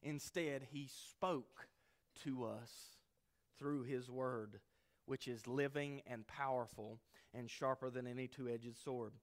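A man delivering a sermon from the pulpit in an earnest preaching voice. His delivery swings between hushed, low asides and loud, emphatic peaks, with a voice pitched in the middle range. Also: fairly even intonation, slow. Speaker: pastor.

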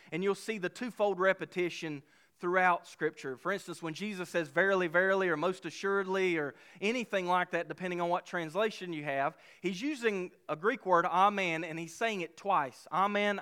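A pastor delivers a sermon in a smooth, resonant voice that sits a little high for a man. He preaches emphatically, pressing hard on key phrases and slowing down to let weighty lines land. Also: a bit bright.

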